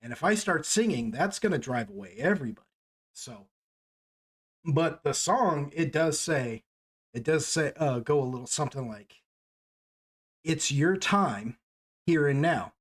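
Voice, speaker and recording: A man's voice: fairly high pitch, lively intonation, normal speed, breathy edge. A man narrating a tabletop game as game master, rambling and laughing easily.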